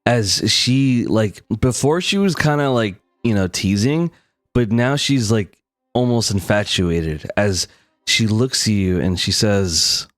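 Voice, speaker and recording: A man's voice: fairly low pitch, lively intonation, slow pace, no room sound, studio quality, faint music behind. A young man narrating a tabletop game as game master, loose and full of fillers.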